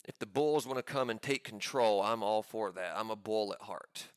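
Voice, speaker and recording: A man giving live commentary on his own trades, pumped up and talking in quick excited bursts. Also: on the low side, clean tone, dry recording, studio quality. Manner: hyped, pumped-up chatter with sudden bursts.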